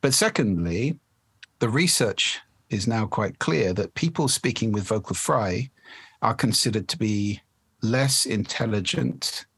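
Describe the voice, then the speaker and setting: Husky-voiced man explaining speech habits. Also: lowish voice, lively intonation, fairly bright tone, no echo. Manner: articulate, measured, demonstrates voices as he explains. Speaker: voice and speaking expert, guest. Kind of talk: conversational interview explanation.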